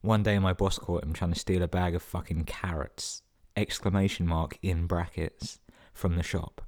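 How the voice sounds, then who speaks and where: A man with a very low, deep voice reads listener stories on his podcast. He keeps cutting in with sweary, sarcastic jokes between the sentences. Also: fairly even intonation, moderate pace, a little mellow. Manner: sweary, sarcastic running commentary. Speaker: podcast host. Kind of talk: reading listener emails with comic asides.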